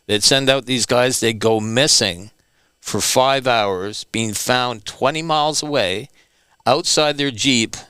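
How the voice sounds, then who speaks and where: A man, a returning guest, telling stories in an animated, emphatic way and repeating words for stress. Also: mid-range voice, slow, smooth, no echo. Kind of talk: animated storytelling.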